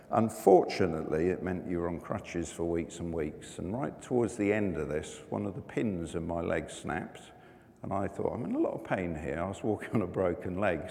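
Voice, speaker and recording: A man preaching a sermon, earnest and conversational, pausing and restarting as he tells a personal story. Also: low voice, gravelly, mellow. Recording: long hall reverb.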